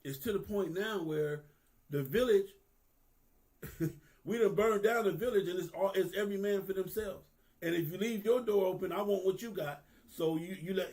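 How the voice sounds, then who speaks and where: Guy in his 50s, kinda high voice, cussing casually and preaching about life, repeats himself a lot. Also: moderate pace, darkish tone. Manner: earnest, preachy, repeats phrases for emphasis; profane, street-casual talk. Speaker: vlogger. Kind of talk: candid spoken monologue.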